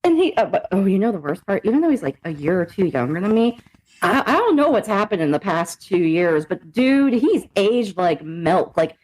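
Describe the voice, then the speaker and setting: A woman hosting a podcast, telling stories in a hyper, profane casual chat. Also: poor audio. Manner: animated, profane storytelling with quick pitch jumps. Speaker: podcast host.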